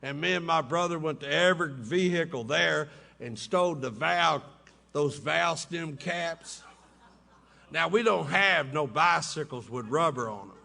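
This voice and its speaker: A man's voice: a little high, a little slow, gravelly, bright, forceful tone. A man telling folksy, humorous stories to a meeting in a hotel ballroom, laughing along with his own jokes. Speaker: recovery meeting speaker. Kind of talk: humorous storytelling talk.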